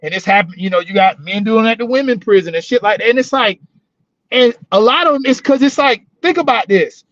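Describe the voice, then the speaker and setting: High-voiced male co-host, rambling and profane, dry dull audio; casual storyteller, prison-work talk. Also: a little fast, fairly bright tone, no echo. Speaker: podcast co-host, former corrections officer. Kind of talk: casual chat.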